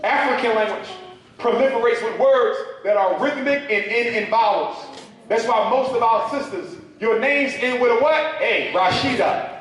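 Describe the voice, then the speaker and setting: A man's voice: extremely high pitch, moderate pace, a bit bright, recorded from a distance. A man giving a talk to a live audience, preacherly, drawing call-and-response from the crowd. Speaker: speaker at a public talk. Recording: echoey hall, mic from afar.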